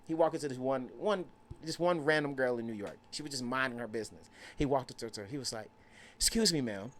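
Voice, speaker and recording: A young man, a podcast guest, telling a lively story and acting out the people in it. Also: mid-range voice, quick pace, a little hiss or hum. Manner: lively, acts out quoted voices, laughs often. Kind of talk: animated storytelling.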